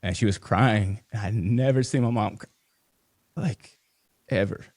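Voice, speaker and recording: A man with a notably low voice talks as a podcast guest, loose and rambling, full of fillers and restarts. The sound is dry and close, with no room around it. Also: a little slow, darkish tone, no room sound. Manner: emotional, holding back tears. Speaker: podcast guest, business founder. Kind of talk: casual interview conversation.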